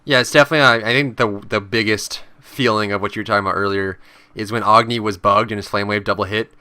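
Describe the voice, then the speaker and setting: A man chats quickly about a game, with a bright, smooth voice. He often jumps into squeaky, panicked impressions of other players. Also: dry recording. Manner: animated, acts out panicked players in high voices. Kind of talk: casual gaming chat.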